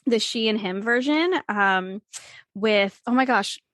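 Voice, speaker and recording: A woman, hosting a casual podcast interview, chatty and quick to laugh. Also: mid-range voice, a bit bright, no echo, studio quality. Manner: bubbly, laughs often, many fillers. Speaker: podcast host.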